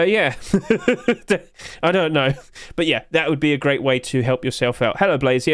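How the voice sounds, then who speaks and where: A man's voice: medium pitch, smooth, no room sound, studio quality. A male streamer chatting casually with his live chat, joking, answering questions and laughing often.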